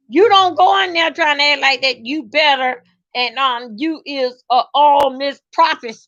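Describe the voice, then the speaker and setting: High, bright-voiced woman storyteller. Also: dull audio. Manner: animated, salty, emphatic. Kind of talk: casual storytelling vlog.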